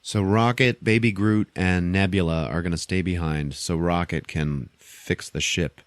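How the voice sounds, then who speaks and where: Low-voiced man recapping a movie. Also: steady tone, measured pace, no room sound. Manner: offhand, profane retelling. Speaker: podcast host.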